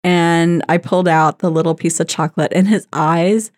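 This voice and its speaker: A woman's voice: lowish voice, fairly even intonation, normal speed, a little mellow. A middle-aged woman telling personal stories in a chatty, rambling way, often breaking into laughter. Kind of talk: personal storytelling talk.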